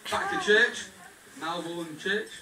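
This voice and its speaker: Young groom thanking everyone, kinda high voice, far from the mic, loud crowd laughing behind. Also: male voice, takes it slowly, reverberant, heavy background noise. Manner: jokey, thankful, addresses the crowd directly. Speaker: groom giving a wedding speech. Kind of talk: wedding speech. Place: wedding reception hall. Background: guests laughing and chattering.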